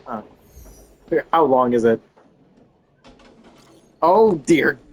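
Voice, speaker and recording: A man's voice: medium pitch, expressive, very slow. A young man streaming a game, reading its dialogue aloud and breaking off into profane, laughing reactions. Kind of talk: live gameplay commentary, reading game text aloud.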